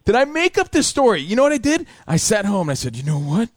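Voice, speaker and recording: Man, talk radio host, heated and defensive, swears, lively up-and-down pitch, dry studio sound. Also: fast talker, dry recording. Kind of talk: casual call-in chat.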